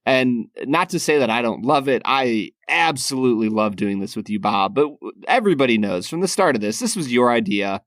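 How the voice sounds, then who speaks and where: A man's voice: medium pitch, lively intonation, brisk, hardly any pauses, fairly bright tone, no room sound, clean studio sound. A man co-hosting a podcast in casual chat, teasing his friend with wry humor and frequent laughs. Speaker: podcast co-host.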